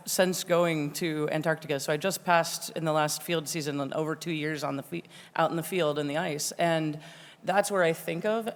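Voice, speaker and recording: A woman's voice: low voice, long reverb tail. A woman scientist speaking earnestly and enthusiastically on a live panel, with casual "like" and "right" fillers. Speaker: scientist guest. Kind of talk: panel discussion on stage.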